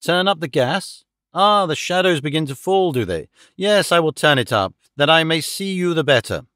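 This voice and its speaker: Guy reading as a gloating villain, sneery and menacing, kinda high voice, dry close sound. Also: expressive, moderate pace, pushed and bright, dry recording. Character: cold gloating male villain, middle-aged.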